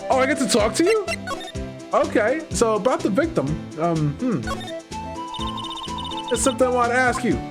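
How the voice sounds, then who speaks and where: A lively, jokey streamer reading game dialogue and riffing on it, with a voice that swings widely in pitch. The talk is loose and animated, with game music steady behind it. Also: normal speed, pauses often. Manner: animated, jokey, swears often.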